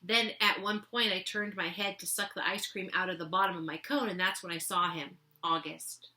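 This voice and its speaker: A woman reads a children's novel aloud in a bright, clear voice that sits a little low. She talks to her listeners casually between passages, then settles back into the story. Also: fairly even intonation, normal speed. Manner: casual, chatty asides between readings. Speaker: teacher reading aloud.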